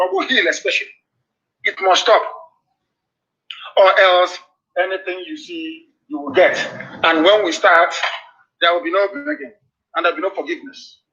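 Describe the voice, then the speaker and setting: Forceful man in a fiery broadcast. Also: sits high. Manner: forceful, repetitive warnings. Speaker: political broadcaster. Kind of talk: fiery live radio address. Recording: dull lo-fi broadcast audio.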